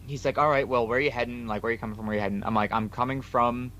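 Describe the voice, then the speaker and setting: A man's voice: medium pitch, fairly even intonation, rapid-fire, fairly bright tone, slight background noise. A man co-hosting a podcast, casually retelling a story full of quoted dialogue. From New York. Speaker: podcast co-host.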